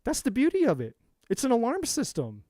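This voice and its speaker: Guy on a live tarot stream, preachy and swears a lot, kinda high voice. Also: wildly swooping pitch, brisk, mellow, no echo, clean studio sound. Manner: preachy, profane, repeats himself for emphasis. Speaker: tarot reader. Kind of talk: live-stream spiritual talk.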